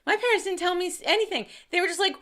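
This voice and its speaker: A woman co-hosting a live sports talk stream, chatting in a quick, teasing way. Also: extremely high pitch, a bit bright. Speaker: podcast co-host. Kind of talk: casual sports chat.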